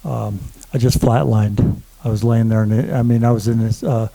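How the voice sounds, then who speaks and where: Halting man telling his own story. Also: medium pitch, fairly even intonation, creaky, warm tone, low-quality recording. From German family. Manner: halting, many fillers and restarts. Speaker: conference speaker. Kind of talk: personal testimony to an audience. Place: conference room before an audience.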